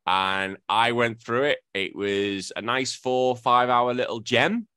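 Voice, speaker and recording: A man's voice: mid-range voice, fairly even intonation, takes it slowly, pushed and bright, clear, resonant tone. A man hosting a casual gaming podcast, rambling and self-correcting with a joking tone. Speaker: podcast host.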